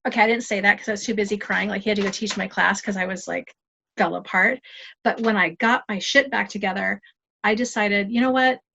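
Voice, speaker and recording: A woman guest on a podcast interview, telling stories in a lively, self-deprecating, humorous way. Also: medium pitch, brisk, creaky, a little hiss or hum. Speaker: guest, life coach.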